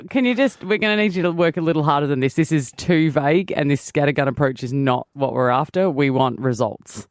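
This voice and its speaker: Man, bubbly radio co-host, a bit higher voice, dry studio sound. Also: a little fast, no echo. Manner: bubbly, self-mocking, giggly. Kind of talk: casual radio banter.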